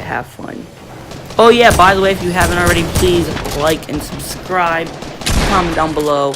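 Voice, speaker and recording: A teenage boy telling a rambling story-time tale, full of fillers and restarts. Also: on the high side.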